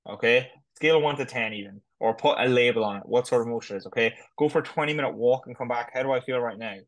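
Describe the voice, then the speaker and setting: A man talks quickly on a podcast as co-host. His speech is casual and meandering, packed with "like" and "sort of stuff". He keeps up a hurried, loose flow. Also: mid-range voice, low-quality recording. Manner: rambling, fillers like "like" and "sort of stuff". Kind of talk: casual chat.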